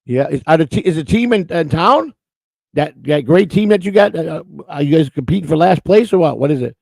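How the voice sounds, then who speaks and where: Gravelly, rambling man telling stories. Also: on the high side, lively intonation, a little fast, darkish tone, dry recording, poor audio. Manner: rambling storyteller, repeats words. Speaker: co-host. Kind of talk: casual livestream chat.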